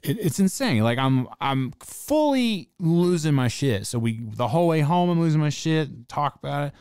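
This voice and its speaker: A man casually telling a ghost story from his youth, swearing freely and getting animated as he goes. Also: fairly high pitch, moderate pace, smooth, no echo, studio quality.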